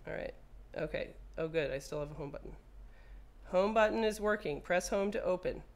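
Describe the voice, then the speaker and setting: Here a repair technician speaks in a lowish voice at a moderate pace, demonstrating a fix step by step. Playful throughout, she talks to the phone and swears when things go badly.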